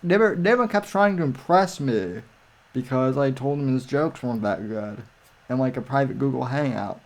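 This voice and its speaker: A man's voice: medium pitch, expressive, moderate pace. A man co-hosting a casual live stream over a video call, rambling with many restarts and fillers.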